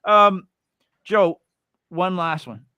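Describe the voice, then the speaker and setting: A man's voice: sits high, extremely slow, pushed and bright, clean tone, dry recording, rough recording. An American man hosting a podcast, chatting casually in a blunt, joking way and swearing freely. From United States. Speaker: podcast host.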